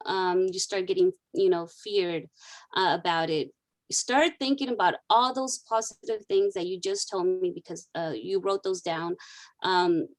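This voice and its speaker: A woman counselor guiding a client through a therapy exercise, repeating key phrases as she coaches. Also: medium pitch. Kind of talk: counseling session role-play.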